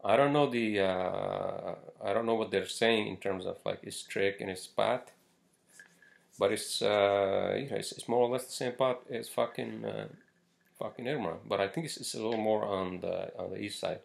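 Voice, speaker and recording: A man's voice: lowish voice, moderate pace, gravelly. A man hosting a casual solo podcast, ranting bluntly with lots of swearing and filler words. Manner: blunt, profane, rambling with many fillers. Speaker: podcast host.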